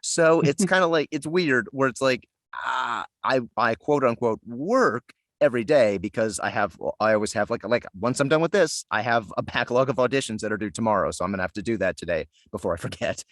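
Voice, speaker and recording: A man in a casual interview, chatting about his work as a voice actor. His voice sits at an ordinary middle pitch, and the recording is close and dry. He rambles easily, restarting sentences and joking at his own expense. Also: animated, fairly quick, a bit bright, no echo. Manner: chatty, self-deprecating, lots of fillers and restarts. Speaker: voice actor guest.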